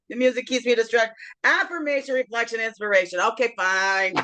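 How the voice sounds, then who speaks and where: A woman's voice: fairly high pitch, a little fast, bright, forceful tone, low-quality recording. A woman with a Newfoundland accent hosting a casual self-care vlog, chatty and encouraging, often checking in with "okay?" and breaking into playful chuckles. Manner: playful, chuckles and sings along between thoughts. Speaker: host of a daily self-care guidance show. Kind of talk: casual motivational vlog talk.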